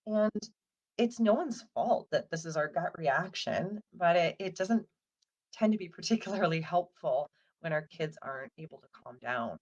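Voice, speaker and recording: A woman in her thirties, a counsellor, giving a casual, gentle talk to parents in a chatty way, full of "like" and "um". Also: on the low side, expressive, moderate pace, lo-fi sound. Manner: conversational, with frequent fillers like "like" and "um".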